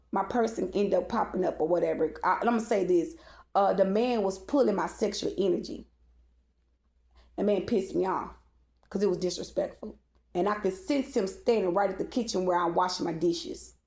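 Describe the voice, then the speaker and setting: A woman's voice: mid-range voice, a little mellow. A woman telling a personal story in a casual storytime monologue, blunt and profane, often checking in with "okay?". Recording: echoey room.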